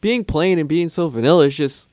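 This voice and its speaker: A young man talks in a loose, animated way and keeps slipping into quick impressions. His voice sits a little high. The sound is dry and close, with no room echo. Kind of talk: casual chat.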